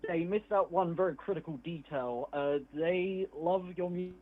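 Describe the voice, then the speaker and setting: A man's voice: high voice, moderate pace. A man calling in to a live stream in a friendly, chatty way, tired after staying up all night. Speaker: caller. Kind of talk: call-in chat. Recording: phone-line call.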